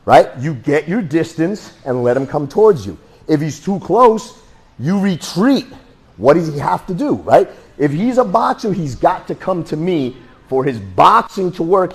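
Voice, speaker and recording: A man teaching a self-defense class in a blunt, joking, animated way. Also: on the high side, normal speed, slightly rough. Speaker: martial arts instructor.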